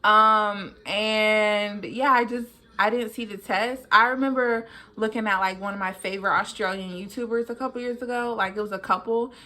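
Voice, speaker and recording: A young woman vlogger telling a personal story casually, jumping high in pitch to act out what people said. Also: normal speed, few pauses. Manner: animated, jumps high in pitch when acting out what people said.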